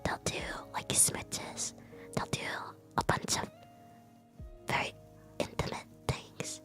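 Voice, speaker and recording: A woman's voice: takes it slowly, pushed and bright, soft background music. Teasing woman whispering close to the mic. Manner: teasing, playful. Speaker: streamer. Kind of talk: whispered chat stream. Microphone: close to the microphone.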